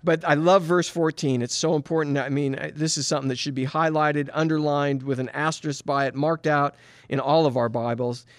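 A man's voice: a little high, steady tone, brisk, no echo. A middle-aged man giving a conversational sermon as a pastor, earnest, with many rhetorical questions. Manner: earnest, asks rhetorical questions, frequent "you know".

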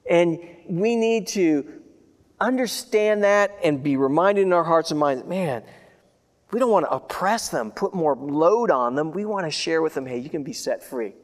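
A man preaching a sermon as a pastor, talking in a conversational, earnest way, repeating himself and swinging between loud declarations and hushed remembering. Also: sits high, animated, measured pace. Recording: hall with long reverb.

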